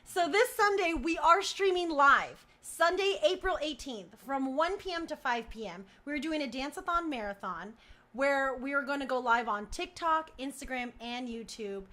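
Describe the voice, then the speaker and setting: High, bright, giggly woman host. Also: normal speed. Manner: giggly, animated storyteller acting out quotes. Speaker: talk show host. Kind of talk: casual chat.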